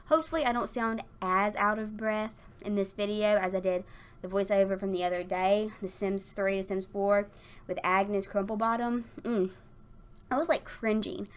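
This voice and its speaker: A woman's voice: mid-range voice, steady tone, moderate pace, clean tone. A young woman talking over her build in a chatty, rambling way with lots of fillers and giggles, a little out of breath. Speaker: Sims builder YouTuber. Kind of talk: casual voiceover chat. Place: at her desk at work.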